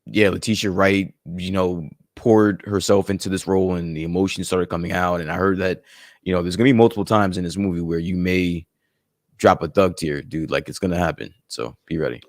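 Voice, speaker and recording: A man co-hosting a casual livestream chat, relaxed and thinking aloud with lots of fillers. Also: sits low, brisk, dry recording, clean studio sound. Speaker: podcast co-host.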